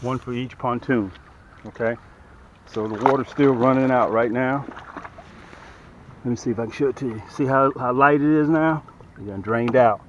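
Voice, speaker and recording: A man's voice: medium pitch, moderate pace, pauses often, lo-fi sound, slight background noise. A middle-aged man giving a casual, folksy how-to demonstration outdoors, talking straight to viewers and a little out of breath from lifting. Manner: folksy, talks straight to viewers while working. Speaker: boat dealer demonstrating a boat. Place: outdoors by the water.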